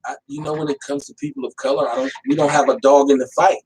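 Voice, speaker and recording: A man hosting a casual talk show, animated and profane, often slipping into voices to make a point. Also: mid-range voice, quick pace. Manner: animated, profane, acts out voices mid-rant. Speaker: podcast host. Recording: voice a bit distant from the mic.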